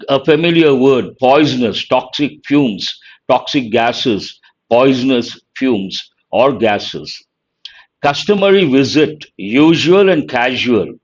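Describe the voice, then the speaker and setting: A man with an Indian English accent teaching vocabulary, explaining word meanings in a deliberate way and repeating key words. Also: mid-range voice, highs cut off. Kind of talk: vocabulary lesson.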